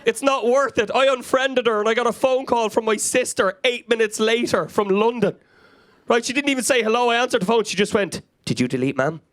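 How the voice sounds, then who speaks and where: A high-pitched Irish man in his thirties tears through a stand-up set on a comedy club stage, talking straight into a handheld mic. His delivery is frenetic and anecdotal, and he keeps pulling the crowd in with questions. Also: fairly even intonation, brisk, fairly bright tone. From Ireland. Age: 30s. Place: comedy club stage before a live audience.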